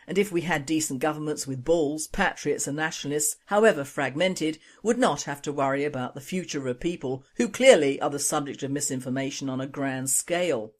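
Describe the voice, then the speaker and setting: Scornful low-voiced woman host. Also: fairly quick, hardly any pauses, darkish tone. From Britain. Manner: scornful, sardonic. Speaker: radio news host. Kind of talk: opinion news broadcast.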